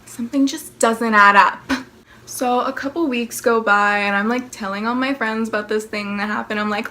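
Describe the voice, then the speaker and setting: A woman's voice: fairly high pitch, steady tone, moderate pace, sharp tone. A young woman in her late teens telling a casual storytime vlog, sarcastic and profane, full of "like" and mocking impressions. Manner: profane, sarcastic, constant filler "like"; breaks into exaggerated impressions of others. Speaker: vlogger.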